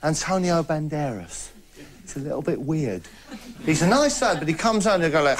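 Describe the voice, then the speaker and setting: Brief: man, higher pitch, rambling deadpan comic host, noisy background. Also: normal speed. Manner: chatty, deadpan boasting, laughing at own jokes. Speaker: comedy host.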